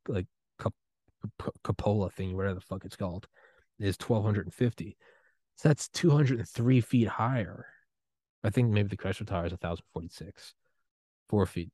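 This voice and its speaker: A young man hosting a podcast, giving a rambling, excitable solo rant full of swearing and trailing restarts. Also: on the low side, dry recording. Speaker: podcast host.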